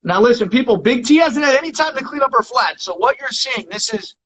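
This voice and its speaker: A man hosting an aftershow, chatting on a video call with a guest in a loud, teasing, playful way. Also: very high-pitched, animated, brisk, low-quality recording. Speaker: aftershow host. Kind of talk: casual interview chat.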